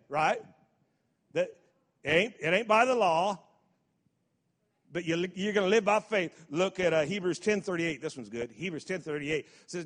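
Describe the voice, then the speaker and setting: A man's voice: high-pitched, lively intonation, brisk. A man preaching a sermon as pastor, stumbling over repeated words and building to emphatic declarations. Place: church service hall. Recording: long hall reverb.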